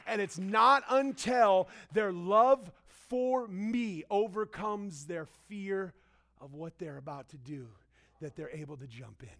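A young man preaching a sermon as pastor, animated, acting out quotes and swinging between loud and hushed. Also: sits high, slow pace.

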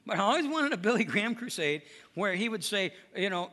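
A man's voice: sits high, sing-song, brisk, sharp tone. A male pastor preaching a sermon in an emphatic, conversational way.

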